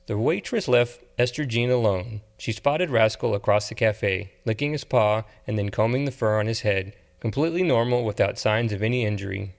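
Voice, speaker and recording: Male audiobook narrator, lower voice, measured delivery. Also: expressive, vocal fry. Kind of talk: scripted narration.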